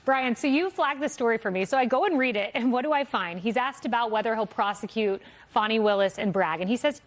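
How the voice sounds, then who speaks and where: A woman's voice: on the high side, expressive, brisk, few pauses. A woman co-hosting a TV news talk segment, making pointed, incredulous remarks. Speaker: TV co-host.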